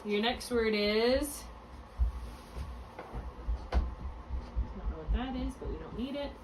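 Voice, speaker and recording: A woman tutoring one-on-one in a phonics lesson, patient and encouraging, slowly spelling out letters and sounds. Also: a little high, animated. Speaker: reading tutor. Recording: distant mic with clear background hum.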